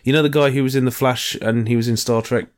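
A man, co-hosting a casual podcast chat, who rambles, swears a lot, and searches out loud for names. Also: medium pitch, fairly even intonation, fast, clear, resonant tone. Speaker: podcast co-host.

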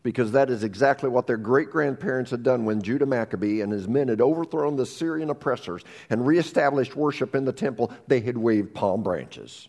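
A man preaching a sermon as pastor, moving between dramatic rises and hushed near-whispers, often repeating the first words of a phrase. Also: mid-range voice, animated, moderate pace, vocal fry.

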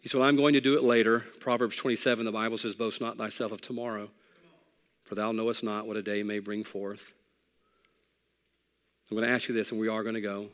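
A middle-aged male pastor preaching a sermon, conversational and emphatic, shifting from loud peaks to soft pleading. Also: on the low side, flat delivery, fairly quick, long pauses, long reverb tail. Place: church sanctuary.

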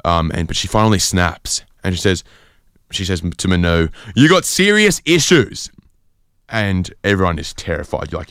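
A man from Sydney hosting a radio show, telling a rambling story in a deadpan style full of fillers. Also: sits low, clear, resonant tone, dry recording, clean studio sound. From Sydney, Australia. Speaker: radio host. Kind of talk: comedic casual radio chat.

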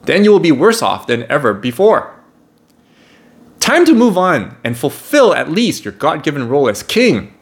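A man's voice: fairly high pitch, sing-song, normal speed, voice pushed up. Guy doing a fed-up army commander chewing out his king, blunt and pushy, voice jumps all over the place. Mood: scolding.

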